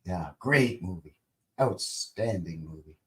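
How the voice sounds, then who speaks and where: Fifty-something guy rambling over old tv clips on a livestream, lowish voice, cracks little jokes, lots of ums. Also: animated, takes it slowly, a bit bright. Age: 50s. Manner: rambling, joking asides, many fillers. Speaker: channel host.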